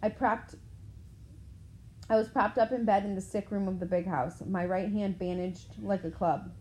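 Woman narrating a novel, mellow voice. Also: mid-range voice, fairly even intonation, moderate pace, a little hiss or hum, low-quality recording. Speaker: audiobook narrator. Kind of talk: first-person novel narration.

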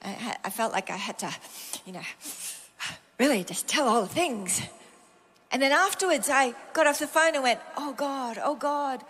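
A middle-aged woman with an Australian accent delivers a sermon in a bright, high voice. She tells stories from her own life in an animated way, acting out prayers and dialogue as she goes. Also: normal speed, husky. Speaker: preacher. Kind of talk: sermon with personal storytelling.

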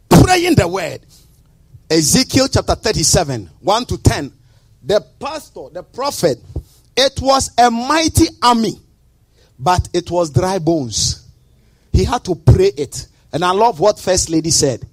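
High, animated preaching man. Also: measured pace, husky, soft background music. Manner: emphatic preaching with sudden shouts; sing-song, rhythmic delivery. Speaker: pastor. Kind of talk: sermon.

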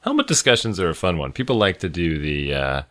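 A man's voice: low voice, huge pitch swings, brisk, fairly bright tone. A man co-hosting a podcast, making dry joking asides in a casual chat. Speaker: podcast co-host.

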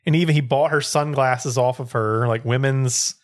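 A man's voice: mid-range voice, fairly even intonation, moderate pace. Rambling, laid-back male storyteller. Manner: rambling storytelling, full of "like" and "or whatever". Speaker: podcast co-host, storyteller. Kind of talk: casual chat.

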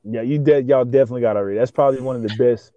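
Rambling, excitable young man with a dull lo-fi sound. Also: mid-range voice, rapid-fire, no echo. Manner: excitable, slangy, profane, constant fillers. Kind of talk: casual chat.

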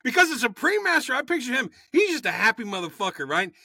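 A man co-hosting a comedy podcast who tells a story in an animated, quick style and swears freely. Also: very high-pitched, no room sound, clean studio sound. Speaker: podcast co-host.

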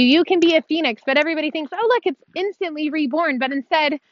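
A woman's voice: high-pitched, a bit bright, dry recording, muffled recording. A woman telling her own story of abuse and recovery in a heartfelt monologue, earnest and emotional, talking straight to her viewers with small laughs. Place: outdoors on a dirt road.

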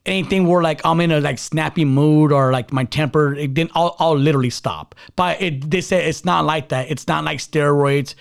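A man's voice: fairly high pitch, vocal fry. A man hosting a podcast, telling a story in rambling casual chat and filling it with "like" and "bro". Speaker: podcast host.

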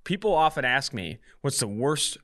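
A young man hosting a podcast, telling a dating story casually in an animated way with lots of quoted dialogue. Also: mid-range voice, moderate pace. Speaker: podcast host.

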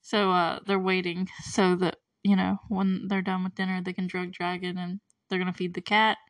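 A woman's voice: fairly low pitch, little pitch movement, moderate pace, no room sound, recorded from a distance. A young woman hosting a podcast, recapping a movie in a rambling, chatty way with frequent laughs and puzzled asides. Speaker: podcast host.

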